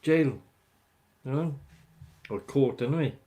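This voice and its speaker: A man's voice: on the low side, normal speed, a little mellow. A man hosting a casual livestream, rambling as he chats with viewers by name. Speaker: livestream host chatting with viewers. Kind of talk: casual live chat.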